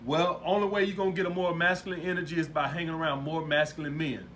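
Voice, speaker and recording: A man's voice: on the high side, level tone, fast talker, fairly bright tone, slight background noise. A man coaching viewers in a casual monologue, talking bluntly with plenty of swearing and asking "all right?" again and again. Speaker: dating and lifestyle coach.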